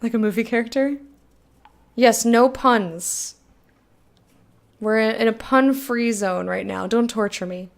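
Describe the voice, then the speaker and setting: A woman's voice: fairly high pitch, fairly even intonation, normal speed, gravelly, few pauses. A woman streaming a game, reading its text aloud and chatting frankly with viewers, swearing freely. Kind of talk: casual let's-play chat, reading game text aloud.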